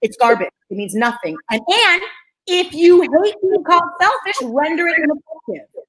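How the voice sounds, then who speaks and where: Heard through poor audio, a woman psychologist with a very high-pitched voice hosts a talk at a moderate pace. She teaches energetically and animatedly, repeating key phrases for emphasis and often checking in with "okay?".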